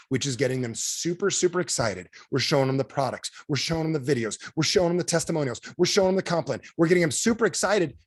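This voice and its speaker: A man giving an energetic motivational talk to a sales team on a video call, firing rhetorical questions at his listeners. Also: mid-range voice. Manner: energetic, rhetorical questions to the audience, emphatic swings in loudness. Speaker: direct sales trainer.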